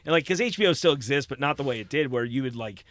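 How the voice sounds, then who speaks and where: A man in his forties with an American accent, telling stories as a podcast guest in a casual, animated way, often laughing. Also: mid-range voice, fast talker, no room sound, clean studio sound. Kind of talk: casual chat.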